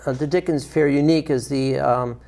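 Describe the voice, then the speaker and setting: A man's voice: mid-range voice, steady tone, brisk, vocal fry, a little mellow. A man, a theatrical director, chatting agreeably on a TV talk show with some fillers. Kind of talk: studio TV talk.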